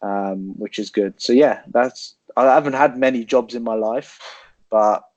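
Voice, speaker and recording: A man in his twenties, a guest telling his story in relaxed casual chat, rambling and swearing. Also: medium pitch, unhurried, no room sound. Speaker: podcast guest, online coach. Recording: dull, dry lo-fi sound.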